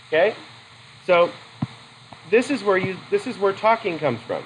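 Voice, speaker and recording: Pausing often and in no hurry, a man lectures a psychology class with a high voice and big pitch swings. He quizzes students, drifts into casual asides and corrects himself, all in a loose, conversational way. The recording is low quality with slight background noise.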